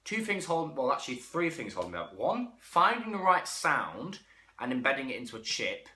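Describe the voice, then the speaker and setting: Casual male toy reviewer; frank and self-correcting, lively delivery, roomy sound. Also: mid-range voice, normal speed. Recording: echoey room.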